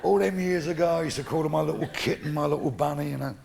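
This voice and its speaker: Speaking fast with vocal fry in a fairly high voice, a middle-aged London comic with a Cockney accent does stand-up before a live crowd, recorded noisily on stage. He's crude and brash, swearing freely and acting out both parts of his stories.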